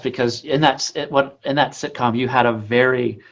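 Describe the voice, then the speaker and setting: A man's voice: mid-range voice, fairly even intonation, fairly quick, creaky, fairly bright tone, soft background music. A man who is a bishop hosting a conversational interview and asking his guest about her career.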